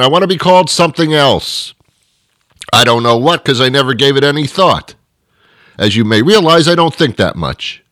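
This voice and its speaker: A man hosting a show, talking in a rambling, self-mocking comic monologue that drifts between quiet asides and louder rants. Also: on the high side, no echo, clean studio sound. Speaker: host.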